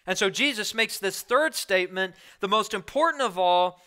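A male pastor preaching a sermon, emphatic, with loud outbursts that drop to soft, low phrases and key lines repeated for weight. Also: animated, moderate pace, clear, resonant tone.

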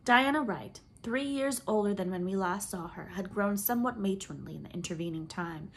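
A woman reading a classic novel aloud, with an expressive, lilting delivery and swelling emphasis. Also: medium pitch, normal speed, breathy edge. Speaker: audiobook reader.

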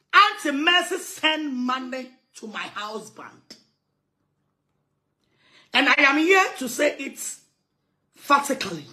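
A woman's voice: high voice, pushed and bright. A Ghanaian woman evangelist making an emphatic, aggrieved complaint, repeating her points. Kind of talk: impassioned complaint.

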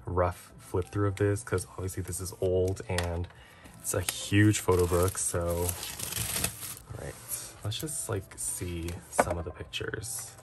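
A man narrating a casual unboxing vlog, excitable and gasping often. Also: deep voice, takes it slowly, heavy background noise. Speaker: vlogger.

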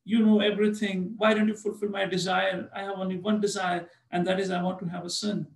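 A man's voice: sits high, flat delivery, brisk, creaky, roomy sound, rough recording. A man voicing a king who earnestly begs a sage to grant him a son. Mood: imploring. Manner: earnest pleading.

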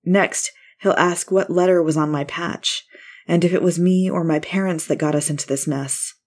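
Low-voiced woman narrating a story. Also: fairly even intonation, normal speed, a little mellow, slightly rough.

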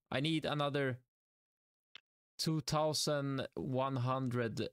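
Live-streaming his gameplay, a young man from Sweden mutters to himself and his chat, frustrated and poking fun at himself. He speaks a little slowly in a lowish voice with a Swedish accent, and the audio is dry and studio quality.

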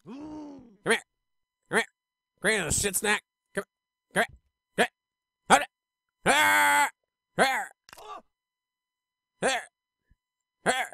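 A gaming channel host giving let's-play commentary, excitable and foul-mouthed, swinging from low muttering to sudden yells. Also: slow, vocal fry, pauses often, dry recording. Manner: excitable, swings between muttering and yelling, swears freely.

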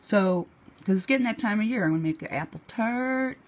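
Chatty husky-voiced woman from New England. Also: animated, brisk. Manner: chatty, laughs often, acts out quoted lines in a higher voice. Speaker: vlogger. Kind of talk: casual rambling storytelling. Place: home.

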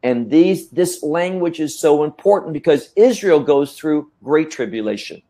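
A man teaching scripture in a measured, emphatic way, often repeating words as he thinks. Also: fairly high pitch, animated, mellow. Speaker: Bible teacher. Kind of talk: teaching talk.

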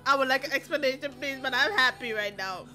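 A young woman reacting to anime, loud and exclamatory and laughing often. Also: high voice, fast talker, faint music behind.

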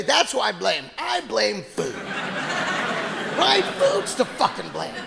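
Loud, profane stand-up comedian. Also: male voice, very high voice, gravelly, big-room sound. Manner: loud, profane, shouting punchlines. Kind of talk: stand-up set. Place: comedy club stage. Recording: live club with crowd laughter and noise.

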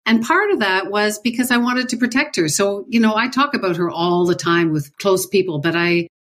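Animated middle-aged woman podcast host. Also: mid-range voice, moderate pace. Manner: curious, asks questions. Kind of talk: casual chat.

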